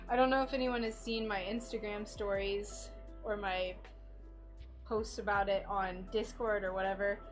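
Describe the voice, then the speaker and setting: Slow, chatty woman streamer, giggly. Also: medium pitch, fairly even intonation, soft background music. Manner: chatty and giggly, with frequent laughter. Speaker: craft livestream host. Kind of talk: casual chat while working, reading viewer comments. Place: home workshop in Florida.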